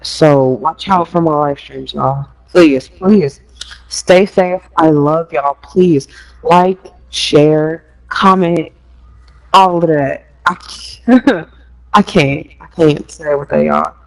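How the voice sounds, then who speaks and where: A young woman rambles emotionally during a casual live stream chat, swearing, laughing nervously, and nearly in tears. Her voice is deep with lively intonation and a slow pace, and the recording is rough.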